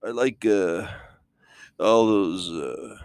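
Casting: man as a mellow, hesitant party guest, a little lower than the host, dry close sound. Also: very slow, gravelly, smooth, no echo, exaggerated voice. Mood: easygoing. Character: laid-back male guest, easygoing party lover.

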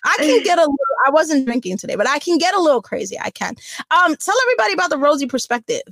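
New York woman hosting a podcast, high voice, dry close sound, playful and chatty. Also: big pitch swings, rapid-fire, fairly bright tone, dry recording. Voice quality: chatty, self-deprecating, playful. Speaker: podcast host. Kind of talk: casual interview chat.

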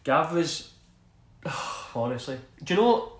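Here the Scottish man in his thirties, once a footballer, speaks slowly but very animatedly, his voice on the high side with a fairly bright tone and a roomy sound. Telling rambling stories in a casual interview, he laughs often and says "do you know what I mean."

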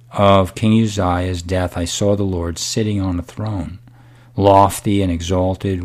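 A middle-aged man preaching a sermon, unhurried and emphatic, dropping to a whisper at times. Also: deep voice, darkish tone.

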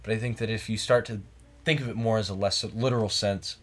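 A fairly low, steady male voice talks fairly quickly. He's a podcast host in a cabin in the woods, a few drinks in, chatting casually late at night in a rambling, reflective way and restarting his sentences.

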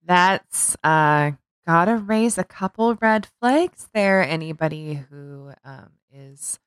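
Low-voiced woman podcast co-host. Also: animated, takes it slowly, clean tone, dry recording, clean studio sound. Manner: reactive, laughs often. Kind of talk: casual podcast chat.

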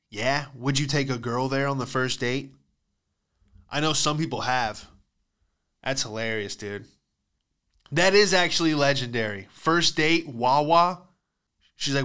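A man's voice: medium pitch, measured pace, pauses often, pushed and bright, clean tone. A young man giving a profane, rambling comedic monologue as a podcast host, acting out the voices of people in his stories.

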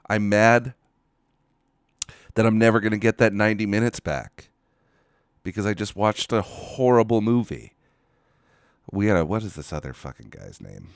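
A man's voice: lowish voice, very animated, moderate pace, gravelly, pauses often, no room sound, studio quality. A man hosting a casual solo podcast, ranting with exasperation, swearing and rambling into a microphone. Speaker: podcast host. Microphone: studio microphone.

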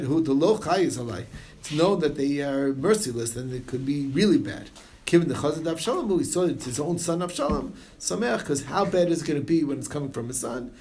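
Animated man teaching a text. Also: a little high, slight background noise. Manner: reads Hebrew and Aramaic text aloud then explains it in English, animated. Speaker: Talmud study teacher. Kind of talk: Talmud study class, reading and translating.

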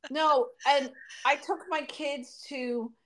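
A woman in her forties telling family stories in a casual podcast chat, animated and warm-humored. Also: sits high, slow. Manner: storytelling, animated. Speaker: podcast co-host.

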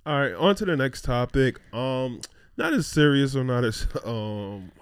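A man's voice: medium pitch, lively intonation, a little slow, clean tone, no room sound, clean studio sound. A young man co-hosting a podcast in casual chat, laid-back and jokey. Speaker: podcast co-host.

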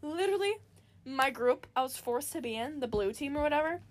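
Teen girl, high voice, chatty storyteller, casual talk. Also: lively intonation, brisk. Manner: chatty storytelling with many "like"s and acted quotes. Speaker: co-host. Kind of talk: casual chat.

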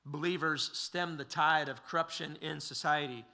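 Bright-toned preacher with a gravelly edge. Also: male voice, a little high, steady tone. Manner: measured, emphatic preaching with occasional fillers. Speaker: pastor. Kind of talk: expository sermon.

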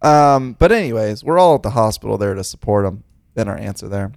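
A man co-hosting a casual podcast, who talks in an animated, profane, teasing way. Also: fairly low pitch, fairly quick, vocal fry, dry recording, studio quality. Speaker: podcast co-host. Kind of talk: casual chat.

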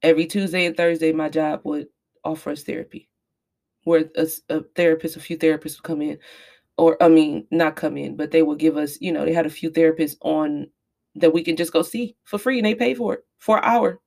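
Deep, darkish, and marked by vocal fry, this woman's voice stays steady in tone as she speaks briskly. A podcast host in her thirties, she addresses her listeners directly in a candid, emphatic, confessional monologue about her own life.

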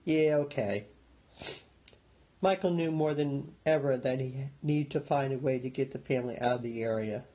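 A man narrating an audiobook in a steady, measured storytelling manner. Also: mid-range voice, rough recording.

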